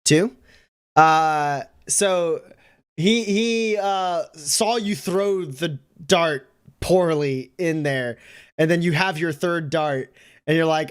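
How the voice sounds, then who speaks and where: A man's voice: a little high, takes it slowly, smooth. A man narrating as game master of a tabletop game, talking casually with many fillers.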